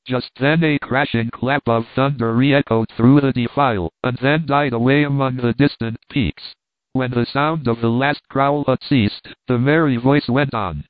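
An audiobook reader narrates a classic adventure novel from a script in a measured, even storytelling style. His voice is medium-pitched, and the dry recording sounds tinny, like a phone.

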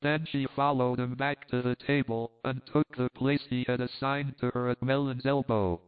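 A man's voice: mid-range voice, fairly even intonation, moderate pace, clean tone. A man narrating a novel, occasionally reading punctuation aloud. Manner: reads punctuation aloud at times. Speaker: audiobook narrator. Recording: tinny phone-like sound.

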